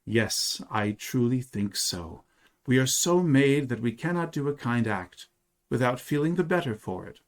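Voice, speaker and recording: A sighing, gentle mother, as a male reader puts her on. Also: mid-range voice, expressive, measured pace. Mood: tender. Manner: soft, sighing, tender. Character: gentle, weary young mother of a small boy.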